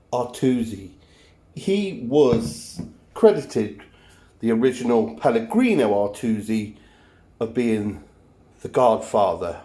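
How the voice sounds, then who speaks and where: A man's voice: mid-range voice, mellow. A man hosting a cooking show, talking the viewer through a recipe in a jokey, self-mocking way. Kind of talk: cooking demonstration.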